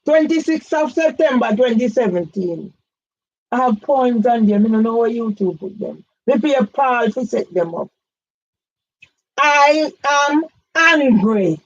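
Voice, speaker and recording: A woman's voice: fairly high pitch, animated, moderate pace, warm tone, muffled recording. A woman, giving an emphatic direct-address complaint, firing pointed questions at one man by name. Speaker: campaigner vlogger.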